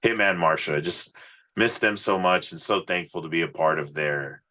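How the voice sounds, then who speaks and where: Low-voiced, profane rock musician telling stories. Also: male voice, moderate pace. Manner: profane, animated storyteller. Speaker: musician guest. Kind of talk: casual storytelling interview.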